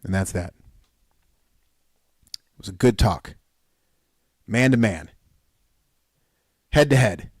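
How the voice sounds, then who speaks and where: A man hosting a podcast, giving a fired-up motivational talk, piling up repeated calls in loud bursts. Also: on the low side, expressive, slow, pauses often, husky, dry recording, clean studio sound. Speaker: podcast host. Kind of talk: solo podcast pep talk.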